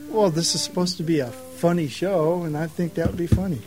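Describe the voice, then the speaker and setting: A man's voice: on the high side, fairly even intonation, brisk, over music. A man co-hosting a casual podcast, making laid-back, dry remarks. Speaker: podcast co-host. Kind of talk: casual chat.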